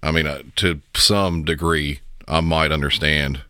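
A man's voice: very deep voice, steady tone, unhurried, sharp tone, clear, resonant tone, dry recording, studio quality. A male podcast host giving blunt, opinionated casual commentary.

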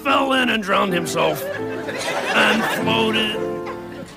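A man voicing a floppy-eared puppy dog who sings slowly at a piano, heard in an archival clip over music. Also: high-pitched, expressive, creaky, a loud crowd, exaggerated voice. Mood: crooning. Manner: slow, crooning sung delivery.

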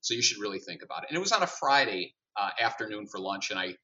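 A middle-aged executive on a podcast, talking through his career with lively storytelling. He plays out both sides of each conversation. His voice is bright and forceful, recorded a little off the mic with a dull, muffled sound. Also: lowish voice, quick pace, far from the mic. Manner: animated storyteller, acts out dialogue. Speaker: guest, company CEO.

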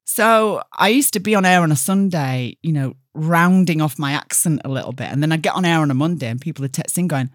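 A middle-aged woman with a Yorkshire accent, a radio presenter telling stories in a casual interview, lively and chatty with quick bursts. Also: low-pitched, no room sound, studio quality. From Barnsley, Yorkshire, England.

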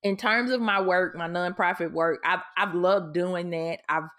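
A woman with a somewhat low voice co-hosts a casual podcast chat. She talks openly and with feeling, often stopping and restarting her sentences. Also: steady tone, measured pace, fairly bright tone. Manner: candid, emotional, with many restarts. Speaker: podcast co-host.

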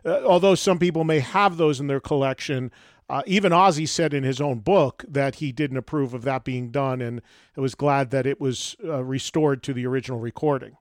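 A man hosting a podcast interview, animated and quick to laugh, thinking aloud with restarts. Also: mid-range voice, no room sound, clean studio sound. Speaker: podcast host. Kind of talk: interview conversation.

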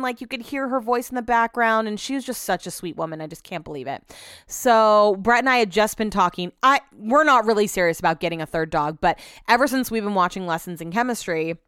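A young woman hosts her podcast in a loose, rambling chat, full of fillers and asides. Her voice is smooth and clear, and the recording is close and dry with no room sound. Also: medium pitch, a bit bright, dry recording. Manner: chatty, rambling, lots of "like". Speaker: podcast host. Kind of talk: casual solo chat.

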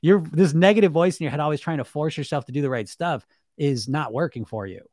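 A man's voice: fairly high pitch, brisk, darkish tone, dry recording, clean studio sound. A man coaching viewers on weight loss through self-hypnosis in a blunt, emphatic monologue, swearing casually and asking rhetorical questions.

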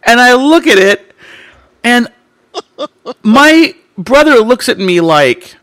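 A man's voice: extremely high pitch, takes it slowly, no echo, clean studio sound. A man in casual chat, telling a funny story with lots of laughter. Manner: animated storyteller who laughs often.

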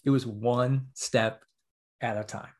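A man's voice: mid-range voice, steady tone, takes it slowly. A middle-aged man, an author and podcast guest, telling an emotional story in an earnest way, often adding "right?" as he goes.

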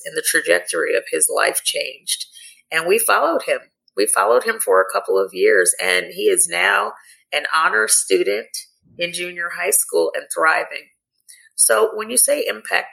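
Woman guest, earnest storyteller, gravelly bright tone, measured delivery. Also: low voice, poor audio. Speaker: guest, sports team executive. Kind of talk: interview storytelling.

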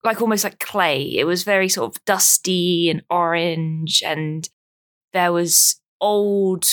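A woman co-hosting a podcast, chatting casually and telling stories in a giggly, animated way. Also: fairly low pitch, takes it slowly. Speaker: podcast co-host. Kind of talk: casual chat.

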